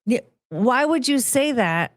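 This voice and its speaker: A woman's voice: fairly high pitch, lively intonation, slow pace, dry recording, clean studio sound. A woman hosting a reaction video, commenting in an exasperated, incredulous way.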